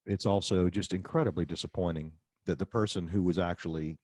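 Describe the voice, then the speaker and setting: A man's voice: deep voice, fairly even intonation, brisk, dark tone, breathy edge, no echo. A man hosting a podcast interview, speaking thoughtfully and hesitantly with frequent restarts. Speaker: podcast host. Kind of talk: interview conversation.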